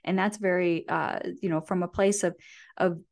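Lower-voiced woman coaching listeners. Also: fairly even intonation, normal speed. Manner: coaching tone, frequent "right?" and "you know". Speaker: podcast guest. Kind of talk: motivational conversation.

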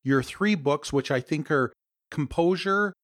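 A man's voice: fairly high pitch, unhurried, no room sound. Canadian man hosting a podcast, dry sound. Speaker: podcast host. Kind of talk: podcast interview.

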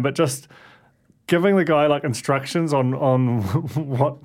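A man co-hosting a casual chat show, making wry, deadpan jokes. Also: a little high, unhurried. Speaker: podcast co-host.

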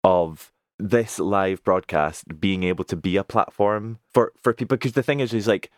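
A man's voice: low voice, normal speed, no echo, clean studio sound. A man with a Scottish accent in casual, rambling conversation, often asking "do you know what I mean". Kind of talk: casual chat about musical theatre.

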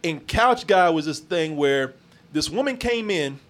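A man's voice: on the high side, expressive, a little slow, a bit bright. A man hosting a casual podcast chat, a loose, profane storyteller who laughs often. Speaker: podcast host.

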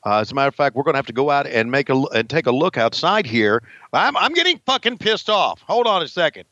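A man's voice: mid-range voice, sing-song, fast talker, sharp tone, no room sound, dull audio. A man putting on the voice of a frustrated veteran wrestler, rambling and swearing in a mock-angry rant. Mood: mock-sincere. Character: frustrated veteran male wrestler ranting backstage.

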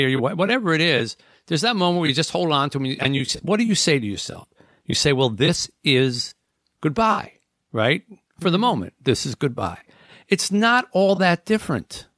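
A man's voice: mid-range voice, fairly bright tone, no room sound, clean studio sound. A man reading a memoir passage aloud, then reflecting in earnest, conversational talk with restarts as he thinks aloud.

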